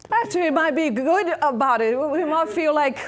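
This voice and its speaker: A woman with a Brazilian Portuguese accent giving an interactive spiritual talk to an audience. She pauses and restarts often while searching for words. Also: high voice, lively intonation. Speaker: speaker at a spiritist center.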